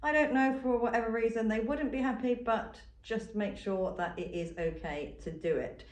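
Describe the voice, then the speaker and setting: A woman's voice: fairly high pitch, normal speed. A woman dog trainer giving a patient, step-by-step demonstration lesson and repeating her key points. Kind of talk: instructional demonstration. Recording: roomy sound from a distant mic.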